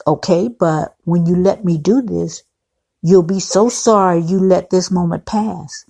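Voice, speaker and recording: A direct, flirtatious man at a dinner table, read out by a woman in her own slow, low, gravelly voice. He states plainly what he wants. The dialogue is barely acted. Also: dark tone. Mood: flirty.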